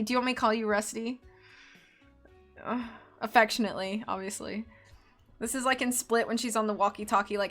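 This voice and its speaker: A woman's voice: on the high side, a little fast, sharp tone, faint music behind. A woman streamer reading a book aloud live and chatting in giggly, rambling asides.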